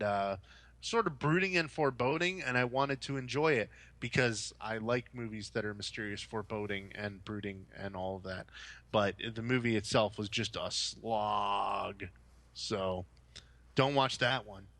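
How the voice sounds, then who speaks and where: A young adult man co-hosting a horror movie podcast, talking casually in a rambling, animated way. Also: mid-range voice, moderate pace, no room sound. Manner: rambling, animated storytelling with mock-quoted voices. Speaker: podcast co-host. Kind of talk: casual chat.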